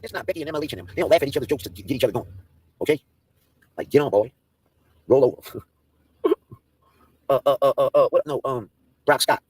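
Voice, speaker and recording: A man's voice: medium pitch, quick pace, long pauses, slightly rough, no room sound. A man on a livestream ranting in a brash, profane, mocking way and roasting people in casual talk.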